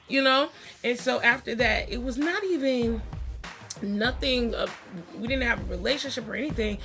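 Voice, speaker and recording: A middle-aged woman telling stories in a chatty, animated way as she introduces her family on her vlog. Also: fairly high pitch, gravelly. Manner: animated, chatty, acts out quotes. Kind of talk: casual storytelling vlog.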